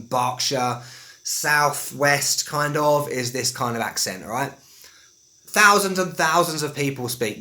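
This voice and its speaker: Bright-voiced man with an Estuary English accent. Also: mid-range voice. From England. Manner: chatty, drawls words out slowly when demonstrating. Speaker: English teacher. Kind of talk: casual video lesson.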